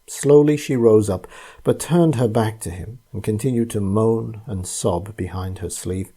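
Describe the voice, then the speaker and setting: A man reading a ghost story aloud in a calm, measured scripted narration. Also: lowish voice, slightly rough.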